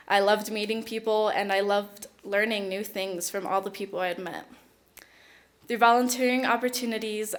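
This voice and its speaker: A woman's voice: mid-range voice, fairly bright tone. A teenage girl who speaks at home, giving an award acceptance speech, emotional and close to tears, with giggles. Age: teens. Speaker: award recipient. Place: awards event hall.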